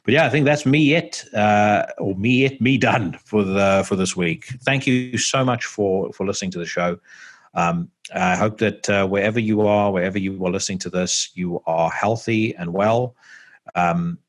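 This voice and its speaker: Speaking at an ordinary pace in a lowish voice, this man hosts a podcast from home. His talk is a loose, casual ramble full of fillers, with a curse slipping in now and then.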